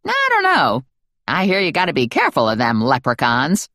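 A woman voicing a spry, stubborn grandmother in her seventies, speaking slowly and indignantly in a raised voice. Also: sits low, huge pitch swings, a bit bright, no room sound, clean studio sound, exaggerated voice. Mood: feisty.

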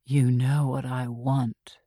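Breathy whispering villainess, a woman narrator doing her, slow, sweet, taunting, dry close sound. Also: a bass voice, level tone, warm tone, no echo, voice pushed down, heavily acted. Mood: seductive. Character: seductive murderous woman, soft and menacing.

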